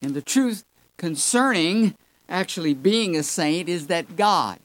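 A preacher teaching a Bible lesson at a slow, deliberate pace, leaning on key words by saying them twice over. The listeners get called folks. The sound is dry, with no room echo. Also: mid-range voice, animated. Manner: emphatic, repeats key words for stress. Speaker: Sunday school preacher.

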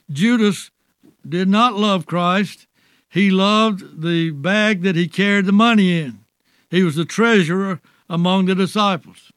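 A man preaching a sermon in an earnest, halting way, with frequent restarts as he talks to his listeners. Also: high-pitched, a bit bright, dry recording. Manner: earnest, halting restarts, often says "dear soul".

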